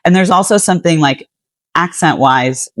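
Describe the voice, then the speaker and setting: A woman's voice: on the low side, moderate pace, no room sound. Chatty woman, American accent with Antipodean touches. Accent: American with some Australian and New Zealand traits. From United States. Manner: chatty, frequent "like" fillers. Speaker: guest poet. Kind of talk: casual interview chat.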